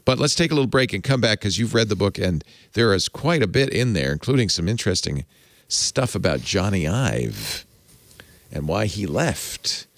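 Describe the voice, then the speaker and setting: A man's voice: on the low side, big pitch swings, normal speed, no room sound. A man hosting a tech podcast, talking casually and rambling, often correcting himself and chuckling. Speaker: podcast host.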